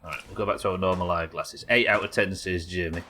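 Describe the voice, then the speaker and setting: A man's voice: low voice, fairly even intonation, quick pace, sharp tone, a little hiss or hum. A young man streaming a game live, chatting casually and rambling, swearing and reacting aloud as he plays. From United Kingdom. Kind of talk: live gameplay commentary.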